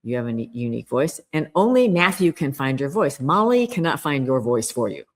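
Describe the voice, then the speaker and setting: A woman's voice: a bass voice, sing-song, fairly quick. A middle-aged woman guest on a podcast interview, explaining a communication skill in an earnest, emphatic way and acting out quoted inner voices.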